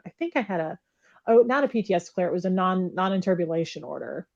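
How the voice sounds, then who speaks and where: A woman with a low-set voice talks bluntly and candidly on a recorded phone call, and she doesn't hold back on swearing. The line sounds dull and muffled, with the top end rolled off. She comes across as plainspoken and direct. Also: animated, fast, creaky, darkish tone. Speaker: caller, former member recounting her past.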